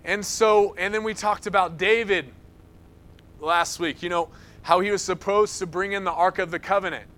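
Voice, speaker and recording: A man preaching a sermon, telling stories in an animated way and acting out the quoted lines. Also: high voice, moderate pace. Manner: animated storytelling, acts out quotes.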